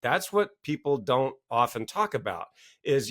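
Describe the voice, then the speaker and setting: A middle-aged man, a podcast guest and author, talking in an excitable, storytelling way and acting out scenes with big jumps in his voice. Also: mid-range voice, unhurried. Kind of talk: animated conversational storytelling.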